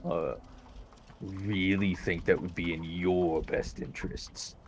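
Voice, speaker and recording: A grinning tabletop game character who threatens quietly in a very low, unhurried voice, as a man puts him on. The menace stays understated. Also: flat delivery, faint music behind. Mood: menacing. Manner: slow, low-key threat.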